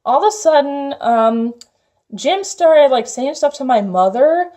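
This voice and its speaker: High-voiced young woman telling a story. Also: animated, measured pace, mellow. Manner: chatty, heavy use of "like" fillers. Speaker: vlogger. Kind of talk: casual storytelling vlog.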